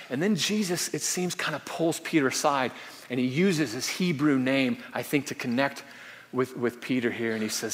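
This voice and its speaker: A pastor preaches a sermon in an easy, conversational style, his mid-range voice moving fairly quickly through a hall's reverb. He repeats himself often and tacks on tag questions, and his voice drops to a hushed quiet whenever he quotes prayers.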